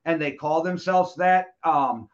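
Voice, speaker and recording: A man with a fairly high voice hosts a loose, joking chat and swears freely. His recording sounds dull and lo-fi. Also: measured pace. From United States. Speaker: podcast host. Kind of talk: casual chat.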